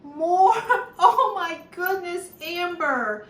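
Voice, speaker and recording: A woman's voice: extremely high pitch, expressive, extremely slow, a bit bright. A woman chatting casually while unboxing a gift, gushing, gasping and exclaiming as she goes, teary and sniffling at times. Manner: gushing, gasps and exclaims often. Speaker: YouTube unboxing vlogger. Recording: roomy sound, distant mic, faint background noise.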